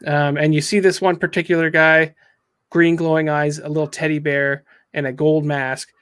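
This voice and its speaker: A man's voice: a little high, level tone, moderate pace, a bit bright, clean tone. A man hosting a casual review chat, recapping a story with frequent ums and acting out the quotes. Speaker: comic book reviewer.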